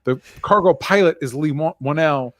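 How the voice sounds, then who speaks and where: A man's voice: a little high, no room sound. Casual man rambling about movies, dry close mic. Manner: rambling, profane, quick asides. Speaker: podcast host.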